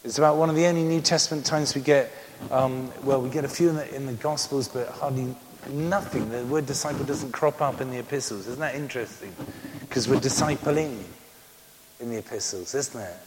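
A man's voice: mid-range voice, brisk. Man, 60s, preacher, storytelling, jokey, faint background noise. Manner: animated, joking storyteller with many amens. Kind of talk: sermon. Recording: reverberant hall with faint noise.

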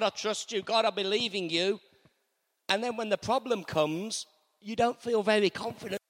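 Male preacher, high lively voice, hall reverb, call-and-response sermon. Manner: animated, repetitive call-and-response with congregation. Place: church.

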